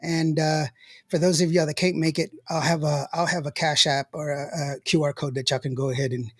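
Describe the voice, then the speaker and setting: Older man, husky, dry close sound, rambling and laughing podcast host. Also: a little high, steady tone, a little fast, a bit bright, no room sound. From West Texas. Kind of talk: casual chat, reading live comments.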